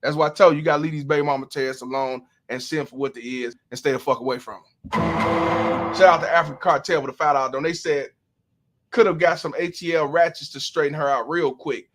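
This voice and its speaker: A man hosting a livestream reacts to a clip in profane, drawn-out, preachy slang and reads out viewer donations. His voice is a little high and a bit bright, with fairly even intonation, and there's a slight hiss or hum.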